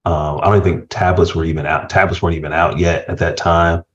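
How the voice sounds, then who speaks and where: A middle-aged man chatting casually as a podcast guest, telling stories with laughter and lively voice swings. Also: low-pitched, a little fast. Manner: animated storyteller, laughs while telling stories. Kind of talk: casual chat. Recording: dull lo-fi sound.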